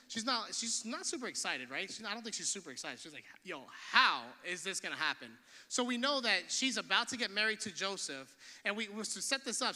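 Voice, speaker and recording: A man's voice: high voice, pushed and bright, big-room sound. A man preaching a sermon from a church stage, casual and slangy, with many restarts. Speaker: pastor.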